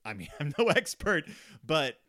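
A man chatting on a podcast in a loose, joking, rambling way, peppering his talk with asides. His pitch swings widely as he goes, lively and animated. It sounds like an offhand comedic book review. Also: normal speed. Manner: rambling, jokey, full of "like" and asides, puts on silly voices for characters. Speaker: podcast host.

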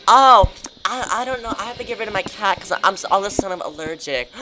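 A young podcast host chatting casually, ranting in an animated way and reading out questions to co-hosts. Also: normal speed, background noise. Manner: animated, ranting, swings pitch widely. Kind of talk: casual chat.

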